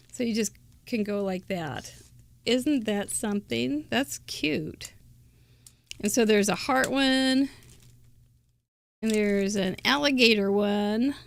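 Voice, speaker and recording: A woman's voice: a little high, creaky. An older woman hosting a live crafting show, chatting casually and giggling as she thinks aloud. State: out of breath.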